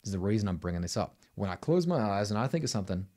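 A man's voice: on the low side, big pitch swings, racing, warm tone. A middle-aged Australian man teaching singing to camera, emphatic and blunt, ending his points with "right?". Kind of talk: vocal tutorial to camera.

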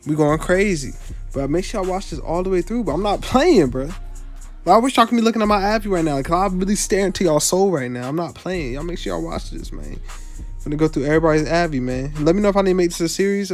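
A young man giving casual, joking reaction commentary as a YouTuber, talking bluntly in slang and dropping tags like "you feel me" all through. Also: fairly high pitch. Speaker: YouTuber rating viewers' avatars.

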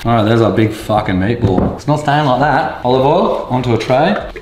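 A young man cooking in his home kitchen, talking in a casual, excitable, sweary way. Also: medium pitch, moderate pace, noisy background. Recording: echoey kitchen with music behind.

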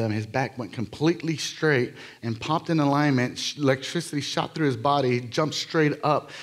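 A man preaching a live sermon in a church, telling healing stories in an energetic, jokey, rambling way full of fillers and restarts. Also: mid-range voice. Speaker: guest preacher. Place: church sanctuary.

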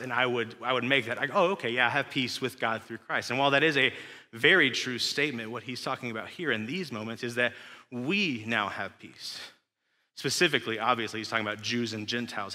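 A young West Texan pastor preaches in a loose, conversational way, tossing questions and asides to the congregation. His voice is very bright and forward at a middling pitch. The sound carries a long church-hall reverb. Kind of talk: sermon. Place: church sanctuary.

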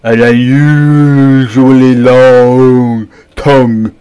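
A man voicing a big, scruffy boy monster who slurps and whines his lines slowly. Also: mid-range voice, level tone, warm tone, clean tone, voice pushed up. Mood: grumbling. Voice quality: slurping, whiny.

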